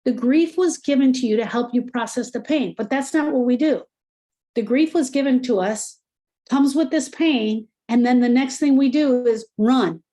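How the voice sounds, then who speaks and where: A woman's voice: high-pitched, moderate pace, warm tone. A middle-aged woman speaking as a grief coach, talking earnestly and encouragingly straight to the listener. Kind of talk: motivational talk.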